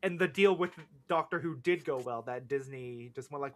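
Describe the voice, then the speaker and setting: A young man co-hosting a casual fan podcast, animated and quick to react, with the odd swear. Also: on the high side, a little hiss or hum. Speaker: podcast co-host.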